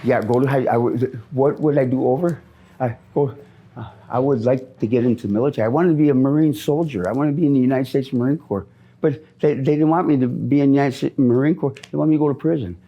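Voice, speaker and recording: Rough-voiced middle-aged man, rambling and angry. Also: mid-range voice, quick pace, muffled recording. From Minnesota. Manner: rambling, angry, repeats himself, says "man" a lot. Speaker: interviewee. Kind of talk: street interview. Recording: outdoor street interview.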